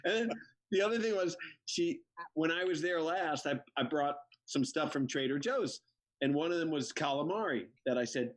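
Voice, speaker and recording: Comedian, male, slightly high voice, animated anecdote teller on a video call. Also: a little fast. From Connecticut. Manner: animated anecdotes, playful mother impressions.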